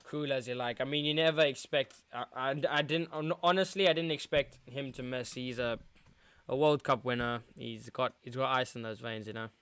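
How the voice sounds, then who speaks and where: A man's voice: mid-range voice, steady tone, normal speed, a bit bright, clean tone. A young man from England streaming a football watchalong, groaning and sighing in dejection as he talks to his chat. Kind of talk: live football watchalong reaction.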